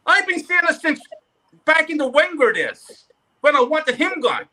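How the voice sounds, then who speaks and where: A man's voice: very high-pitched, big pitch swings, normal speed, pushed and bright. A man calling in to rant angrily about his football team, sweary and repetitive. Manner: furious, sweary, repetitive ranting.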